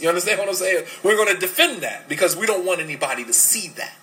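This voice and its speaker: Man preaching, high bright voice, lots of "you understand?" questions, emphatic. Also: animated, rough recording. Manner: switches to fast Arabic recitation. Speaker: Islamic lecturer. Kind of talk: religious lecture on parenting.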